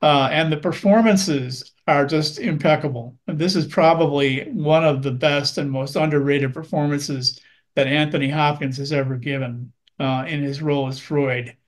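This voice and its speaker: Earnest male film critic, slightly high voice. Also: steady tone. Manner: measured, earnest, many ums and uhs. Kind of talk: film review chat.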